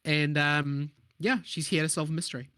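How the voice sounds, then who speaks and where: A man's voice: fairly high pitch, fairly even intonation, moderate pace, pushed and bright, smooth, no room sound, studio quality. A man with a Scottish accent, an upbeat, jokey player introducing a charity stream and his character. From Scotland. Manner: upbeat and jokey, with many fillers. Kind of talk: casual chat.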